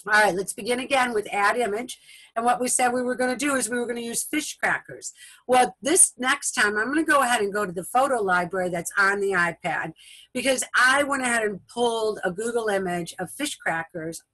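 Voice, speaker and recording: A woman giving a patient step-by-step software tutorial over a video call, often repeating steps and checking in with her listeners. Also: on the high side, fairly quick, dry recording, rough recording. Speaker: instructor. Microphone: video call recording.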